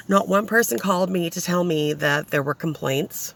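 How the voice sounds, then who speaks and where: A woman's voice: low voice, normal speed, creaky, hardly any pauses. A young woman venting bluntly and profanely in a casual vlog, filmed on a handheld phone inside her car. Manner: exasperated ranting, blunt and profane. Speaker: vlogger, single mother. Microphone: handheld phone, shaky.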